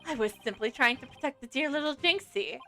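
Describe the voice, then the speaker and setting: A woman's voice: high-pitched, brisk, pushed and bright, soft background music. A woman voicing a flamboyant, vain male fashion designer who talks in a pompous, theatrical way. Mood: gossiping. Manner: pompous, theatrical, self-admiring.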